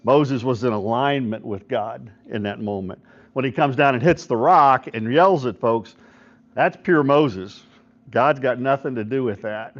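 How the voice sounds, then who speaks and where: A man's voice: medium pitch, a little slow. A middle-aged man, a pastor, gives an informal devotional talk at a men's breakfast, often checking in with listeners and retelling stories with quoted voices. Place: church hall at a men's breakfast. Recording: dull lo-fi recording.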